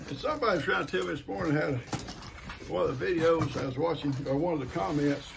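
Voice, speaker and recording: A man's voice: a little high, fast talker, gravelly. An older man, chatting casually and folksily to camera while opening gifts and talking to his pets. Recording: noisy home recording.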